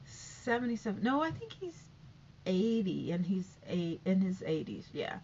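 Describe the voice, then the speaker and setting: A woman's voice: medium pitch, unhurried, a little hiss or hum. A woman rambling through a casual opinion vlog about a talk show, full of fillers and asides. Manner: rambling, animated, many fillers. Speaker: YouTuber commenting on a talk show. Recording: dull lo-fi recording.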